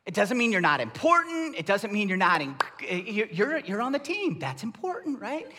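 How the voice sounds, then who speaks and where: A middle-aged man preaching a sermon as pastor, conversational and animated, rising into emphatic raised bursts. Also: sits high, normal speed, few pauses.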